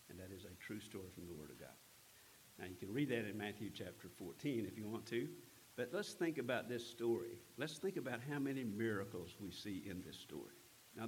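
A man preaching a sermon, retelling a scripture story in an earnest, unhurried way with frequent pauses. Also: on the low side, a little hiss or hum, rough recording. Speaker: pastor.

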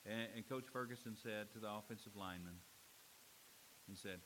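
A man's voice: lowish voice, normal speed, pauses often, fairly bright tone, a little hiss or hum, low-quality recording. A man preaching a sermon as pastor, telling stories and building to emphatic warnings. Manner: storytelling preacher, rising to emphatic exhortation.

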